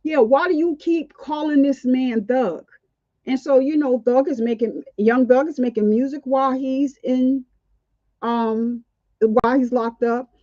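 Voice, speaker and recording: A woman's voice: sits high, measured pace, dark tone, no room sound, dull audio. A woman hosting a casual, outspoken commentary on a court trial, indignant and chatty. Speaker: commentary channel host.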